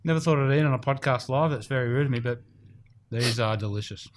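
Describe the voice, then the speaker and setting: A man's voice: medium pitch, fast talker, slight background noise. A man hosting a casual podcast in an indoor golf studio, chatty and rambling with fillers. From Australia. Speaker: podcast host.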